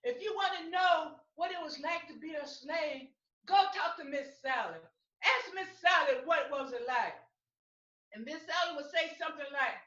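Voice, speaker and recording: A woman's voice: sits high, normal speed, pushed and bright. A woman storyteller giving a theatrical, emphatic dramatic performance. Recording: echoey room, far from mic, dull.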